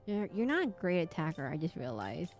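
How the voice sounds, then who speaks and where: A woman's voice: lowish voice, very animated, brisk, darkish tone, faint music behind. A young woman streaming a game, chatting casually and thinking aloud in a rambling way. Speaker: VTuber streamer. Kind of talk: casual gaming stream chat.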